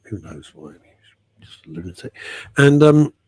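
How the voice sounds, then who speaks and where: A middle-aged radio host chats and tells stories in a jokey, rambling way, reading out listener messages in casual radio chat. His medium-pitched, darkish voice is very animated at normal speed, with no echo.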